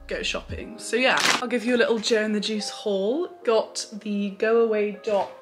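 A young woman talks straight to camera in a casual vlog. Her chat is upbeat and loose, with "like" scattered through it, and clear music plays under her voice. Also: medium pitch, fairly even intonation, normal speed. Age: young adult. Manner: chatty and upbeat, says "like" often. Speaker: vlogger.

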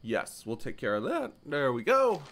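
A man giving casual, animated commentary while playing a store game, jumping to high excited exclamations and mock-polite shopkeeper lines. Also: normal speed. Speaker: gaming YouTuber.

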